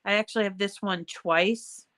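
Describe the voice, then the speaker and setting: A woman with a hoarse voice hosting a casual craft tutorial, explaining steps in a chatty way with fillers and throat clearing. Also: medium pitch, steady tone, moderate pace, a bit bright. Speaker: crafting channel host.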